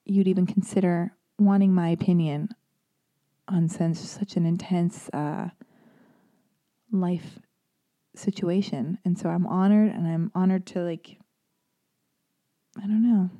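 Mellow-voiced woman hosting a podcast. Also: fairly low pitch, steady tone, a little slow, pauses often. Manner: rambling, earnest, many fillers and restarts. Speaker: podcast host. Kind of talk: casual podcast monologue reading listener emails.

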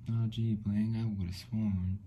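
A man's voice: on the low side, level tone, takes it slowly, dull audio, a little hiss or hum, pitched above the performer's own voice. A man voicing a naive, folksy woman with a Southern US accent, drawling. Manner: drawling, gee-whiz.

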